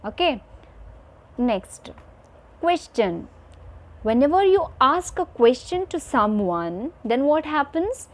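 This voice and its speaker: A woman's voice: high-pitched, very animated, slow pace, long pauses. A woman teacher giving a recorded video lesson to children, repeating each point and checking in with "fine" and "okay".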